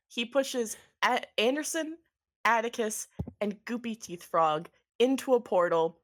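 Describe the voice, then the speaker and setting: A woman's voice: mid-range voice, expressive, normal speed, a bit bright. A woman narrating a tabletop game as game master, loose and full of laughter and fillers.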